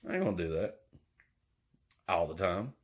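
A man's voice: sits low, animated, normal speed, breathy edge. A man, rambling and joking his way through an indoor vlog. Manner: rambling, jokey, drawling. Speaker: vlogger.

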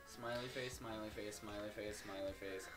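A man's voice: lowish voice, steady tone, moderate pace, over music. A drunk young man reading chat comments aloud on a stream in a drowsy mumble.

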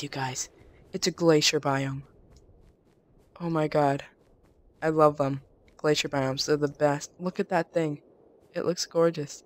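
A woman hosting a let's play, giving jittery gameplay commentary, exclaiming often and talking to her viewers. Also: deep voice.

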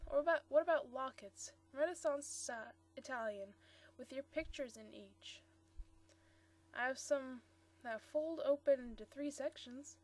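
A woman reading the lines of a mellow, friendly elderly male antique dealer, in a high voice. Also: unhurried. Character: mellow elderly male shop proprietor, courteous.

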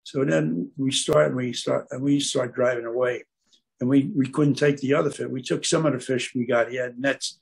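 Gravelly older man telling stories. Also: medium pitch, fairly even intonation, normal speed. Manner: meandering, searches for words with many fillers. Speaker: guest speaker at an aquarium club. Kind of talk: rambling anecdotal storytelling.

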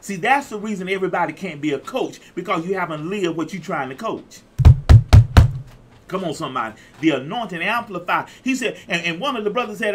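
A man in his fifties preaches as a pastor in a high-pitched, expressive voice that sounds bright and forceful, moving at a moderate pace. He's exuberant and repetitive, calling out to listeners with repeated phrases in call-and-response style. There's a little hiss or hum on the recording.

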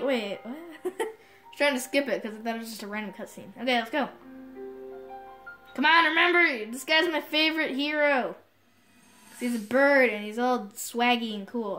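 A woman commentating a video game playthrough, excitable and self-mocking, quick to yell at the game. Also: high-pitched. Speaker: gamer. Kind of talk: let's play commentary.

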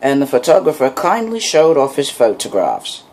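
A man's voice: mid-range voice, huge pitch swings, moderate pace, background noise. A man narrating a homemade storybook tale about trains, now and then laughing between lines.

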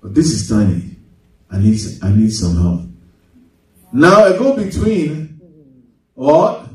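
A man's voice: medium pitch, huge pitch swings, takes it slowly. A man preaching a sermon as pastor, reading scripture and asking the congregation leading questions for them to answer. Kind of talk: sermon with call-and-response Bible reading. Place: church hall. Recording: very echoey hall, mic far off.

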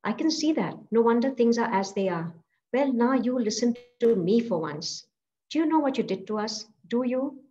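A wounded young woman answers back, sharp and reproachful, her voice raised a little in pitch, as a woman reads her lines. The recording has a slightly dull, muffled tone. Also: expressive, normal speed, close to an everyday voice. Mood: defiant. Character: defiant young woman, hurt and bitter.

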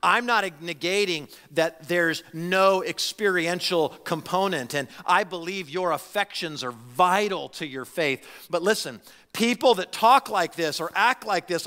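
A man's voice: high-pitched, a little slow, pushed and bright, big-room sound. A pastor in his forties preaching a sermon in a church, acting out the voices of the people he quotes. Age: 40s. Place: church sanctuary.

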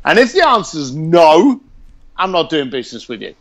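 High-voiced blunt man telling stories. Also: moderate pace. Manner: animated, blunt, swears freely. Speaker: interview guest. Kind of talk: casual storytelling.

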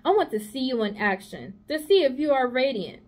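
A gentle, clever female spider from a storybook, as a woman reading aloud puts her on. She coaxes and gives orders kindly, with patience. Her voice sits high and lilts brightly. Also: big pitch swings, brisk. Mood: coaxing.

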